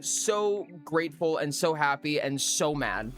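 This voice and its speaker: Streamer for a casual chat stream: bouncy, animated pitch, rambling and self-mocking, faint music underneath. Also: a little slow. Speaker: live streamer.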